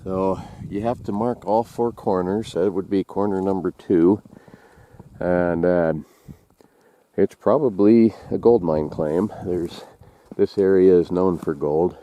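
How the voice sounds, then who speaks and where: Folksy low-voiced man rambling. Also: steady tone, takes it slowly, muffled recording. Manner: folksy, rambling, many fillers. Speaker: outdoors vlogger and trapper. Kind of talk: casual walk-and-talk narration and joke telling. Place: snowy woods outdoors.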